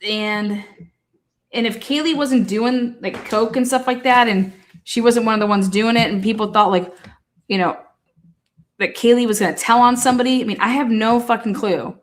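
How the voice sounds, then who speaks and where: Heated woman commentator, fast and profane, slightly high voice. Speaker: true-crime commentator. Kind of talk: casual livestream discussion.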